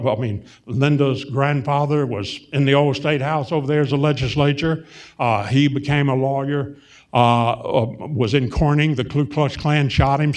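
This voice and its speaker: Older Southern man, folksy rambling storyteller. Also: mid-range voice. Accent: Southern US, Arkansas. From Arkansas, US. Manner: meandering, self-interrupting, folksy anecdotes with many fillers. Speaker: guest, film and TV producer. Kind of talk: rambling storytelling before a live audience. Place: on stage at a public event.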